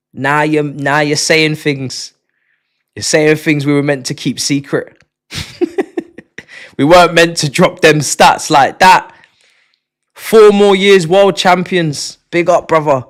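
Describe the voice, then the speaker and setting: A man hosting a live stream, chatting casually in slang, often laughing and sighing. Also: medium pitch. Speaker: livestream host. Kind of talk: casual livestream chat. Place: his home.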